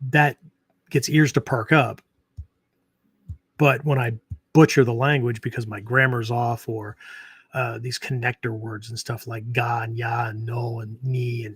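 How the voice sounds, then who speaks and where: Rambling middle-pitched man, dry sound. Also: no echo. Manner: rambling, many fillers and restarts, frequent "right?". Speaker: podcast host and martial arts teacher. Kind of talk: casual unscripted talk.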